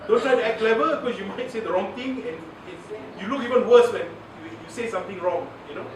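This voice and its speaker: A media communication trainer with a Malaysian English accent gives a chatty workshop lecture, laughing often and mixing in Malay words. His voice is high and quick, and the echoey, noisy recording is made from far off with a crowd in the background.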